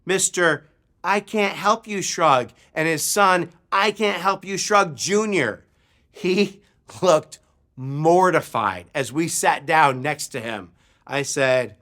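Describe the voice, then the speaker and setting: A man preaching a sermon, telling a personal story with animated delivery and acted-out shouts. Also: fairly high pitch, slow. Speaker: pastor.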